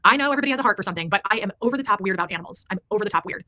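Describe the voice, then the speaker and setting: A woman's voice: medium pitch, expressive, rapid-fire, pushed and bright, no echo. A woman hosting a livestream, reading super chats in a rambling, emphatic way and swearing freely. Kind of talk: casual livestream chat.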